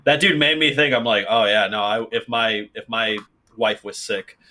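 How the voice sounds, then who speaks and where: A man co-hosting a casual podcast, talking haltingly with lots of fillers and jokes. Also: on the low side, steady tone, pushed and bright, slight background noise. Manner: halting, filler-heavy, jokey. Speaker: podcast co-host.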